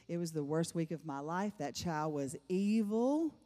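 A woman's voice: lowish voice, normal speed, few pauses, dark tone. A middle-aged woman giving a personal testimony to a church congregation, emphatic and repeating phrases for effect. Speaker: church speaker. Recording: long reverb of a large hall.

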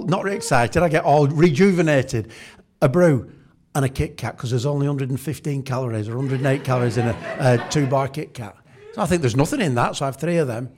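A man's voice: mid-range voice, a little mellow. A man preaching a humorous sermon, telling chatty everyday stories and acting out the scenes. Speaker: pastor.

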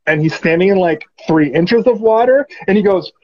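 A man's voice: sits high, lively intonation, normal speed, lo-fi sound. A man hosting a casual movie discussion podcast, rambling with lots of fillers. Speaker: podcast host.

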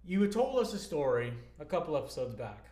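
Podcast cohost guy, kinda high voice that bounces around a lot, dry teasing. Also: sing-song, fairly quick, dark tone, reverberant. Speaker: podcast co-host. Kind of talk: casual chat.

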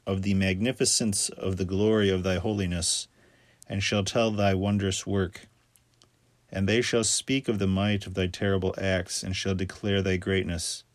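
Man reading scripture aloud, low and dry. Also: no echo. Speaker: scripture reader.

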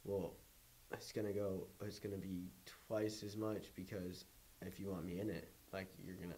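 Low-voiced man, mellow and halting. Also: flat delivery, a little hiss or hum, low-quality recording. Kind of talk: casual chat.

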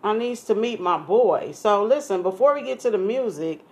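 A woman's voice: medium pitch, animated, normal speed, a little mellow. A young woman from California hosting a casual radio interview, chatty and playful, who calls herself nosy. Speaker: radio show host.

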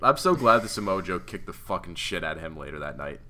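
Man, deep voice, bright tone, casual wrestling talk, swears a lot, excitable, faint noise. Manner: profane, excitable, quick to laugh. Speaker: podcast co-host.

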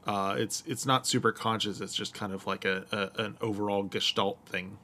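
A man with a fairly low voice talking casually with a friend. He thinks aloud, pausing and searching for the right words. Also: fairly even intonation, pushed and bright, a little hiss or hum. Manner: thoughtful, hesitant, searching for words. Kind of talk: casual chat.

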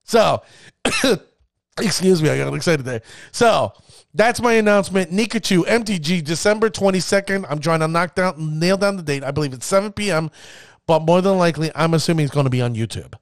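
A man hosting his own podcast in excitable, hype-building casual talk, rambling with restarts as he announces guests and reads out cards. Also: on the high side, fairly quick, no room sound, studio quality. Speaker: podcast host.

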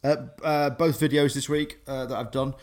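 A man's voice: mid-range voice, steady tone, moderate pace, a little mellow. A young man co-hosting a podcast, chatting casually and rambling with many fillers and restarts. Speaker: podcast co-host. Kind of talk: casual chat.

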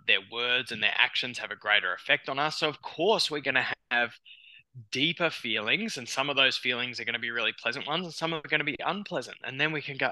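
A man with an Australian accent, a psychologist guest on a podcast, talking in a lively way with frequent restarts and acted-out quotes. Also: medium pitch, no room sound, poor audio. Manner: animated, acts out clients' inner voices, many restarts. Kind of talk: conversational podcast interview.

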